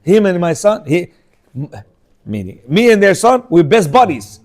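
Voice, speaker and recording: A man in his fifties with a high voice and a moderate pace teaches a relaxed religious class. He tells stories animatedly, switching voices to act out the dialogue, and asks his listeners rhetorical questions.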